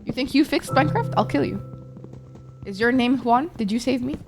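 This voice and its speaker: Woman, live-stream gamer, casual chatter, cursing, slightly high pitch, faint music underneath. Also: normal speed, creaky. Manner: chatty, swears a lot, talks to chat. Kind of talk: casual live-stream chat while gaming.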